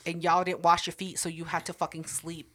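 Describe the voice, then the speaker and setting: A young adult woman co-hosting a podcast, telling a story in casual chat, animated and profane, jumping into a high squeal when she quotes herself. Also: fairly quick. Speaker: podcast co-host.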